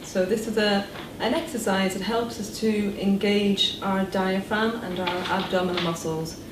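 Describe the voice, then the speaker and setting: A woman voice therapist with a medium-pitched voice calmly walks listeners through breathing and voice exercises, demonstrating them with slow, instructional guidance. The recording sounds distant and echoey, with background noise.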